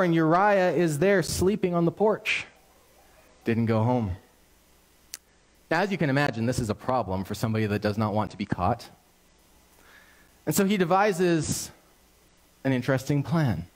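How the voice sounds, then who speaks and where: A male pastor preaching a sermon, telling a story in an animated, conversational and earnest way. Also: on the high side, moderate pace, pauses often.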